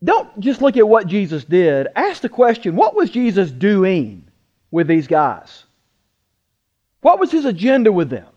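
A man preaching a sermon, emphatic, asking rhetorical questions and slowing down to stress words. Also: sits high, huge pitch swings, darkish tone, highs cut off. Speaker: pastor.

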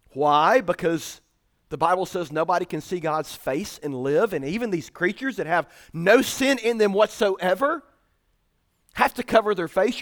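A male pastor preaching a sermon with emphatic, explanatory delivery. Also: sits high.

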